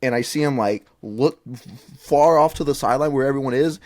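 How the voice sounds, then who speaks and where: A young man co-hosting a casual podcast over a call, telling a story with lots of swearing and high-pitched quotes of himself yelling. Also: brisk. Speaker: podcast co-host. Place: remote call.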